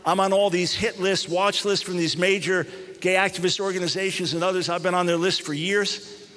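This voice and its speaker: A man, a Christian radio host, telling a story in an animated public talk, often restarting his phrases. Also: high voice, a little fast, long reverb tail.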